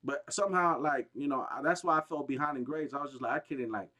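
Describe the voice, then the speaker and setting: A male gaming streamer launches into a heated, wandering rant full of profanity, often restarting his sentences and erupting with emphasis. His medium-pitched voice is sharp and fast, and he comes across as agitated.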